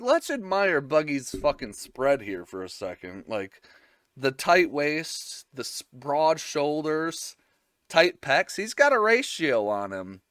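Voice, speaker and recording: A man's voice: medium pitch, a bit bright, dry recording, studio quality. A man casually recapping an anime episode, rambling and joking with frequent swearing.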